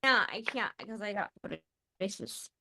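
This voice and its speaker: A woman's voice: mid-range voice, a little slow, sharp tone. A woman hosting a live podcast, chatting casually in a rambling, emotional, giggly way. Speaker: podcast host.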